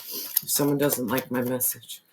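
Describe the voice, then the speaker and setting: A tarot reader losing their voice, who keeps clearing their throat and talks earnestly and repetitively straight to the viewer. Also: medium pitch, little pitch movement, measured pace, noisy background. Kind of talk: casual spiritual tarot reading to camera.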